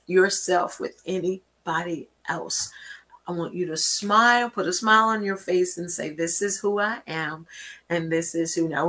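A woman with a low, husky voice hosts an inspirational talk show. She speaks in an encouraging, preachy way and quotes scripture as she goes. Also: pushed and bright. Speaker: host.

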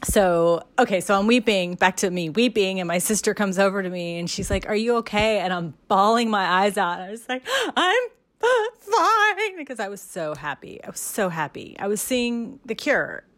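A woman telling a heartfelt, emotional story about her first concert, laughing and trailing off softly, recorded by herself. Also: mid-range voice, moderate pace, few pauses, no room sound. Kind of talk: casual storytelling, self-recorded.

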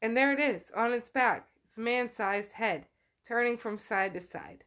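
A woman's voice: a little high, moderate pace, a bit bright. A woman podcast host casually retelling a book chapter, with lots of "like" fillers.

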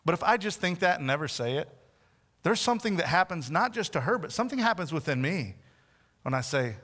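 A man delivers a sermon in a fairly high voice, taking on the voices he quotes as he retells the story. He often sinks into soft, hushed tones. His voice trails into a long reverb. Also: very animated, fast talker. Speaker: preacher.

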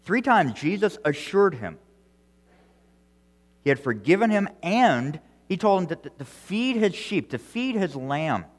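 A male pastor preaching an earnest sermon, repeating words as he goes and swinging between loud emphasis and quiet, soft phrases. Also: high voice, very animated, unhurried, long reverb tail. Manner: earnest preaching with frequent restarts and strong swings in loudness.

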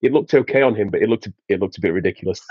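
A man with a Yorkshire accent, low and a little husky, telling anecdotes as a podcast guest. He rambles with restarts and keeps laughing through his own stories. The audio is slightly dull and lo-fi, with a dry sound. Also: racing, warm tone, no room sound. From England, Sheffield. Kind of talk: casual storytelling.

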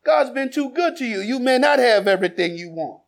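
A man a sermon, quizzing the congregation and then building to shouted exhortation. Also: very high-pitched, animated, a little fast. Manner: builds from conversational questioning to shouted preaching. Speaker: preacher. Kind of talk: sermon with congregation call-and-response.

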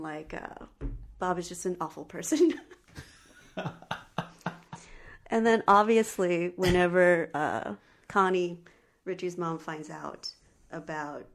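Woman, lower voice, casual chat, rambling retelling. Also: steady tone, unhurried, long pauses. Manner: rambling retelling of scenes, many fillers.

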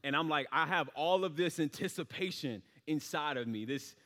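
During his sermon, a young man with a slightly high voice for a man tells a story at a moderate pace in a fairly bright tone. He rambles casually with many fillers, and a long hall reverb trails each phrase.

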